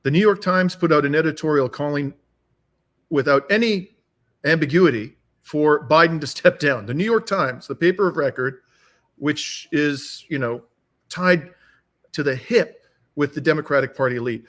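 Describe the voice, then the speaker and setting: A man's voice: on the high side, moderate pace, a bit bright. A man speaking as a guest commentator over a video call, emphatic and given to repeating phrases for force. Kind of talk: remote interview. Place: home in Canada.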